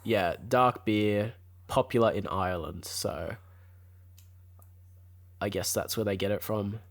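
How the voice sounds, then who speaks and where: A man, co-hosting a podcast in relaxed, jokey casual chat. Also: on the low side, takes it slowly. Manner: relaxed and jokey, with fillers and trailing off. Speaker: podcast co-host.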